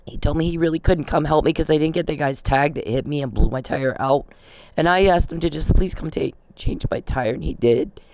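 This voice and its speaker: A woman's voice: deep voice, a little fast, darkish tone. A woman vlogging in a rambling, indignant to-camera rant, swearing freely.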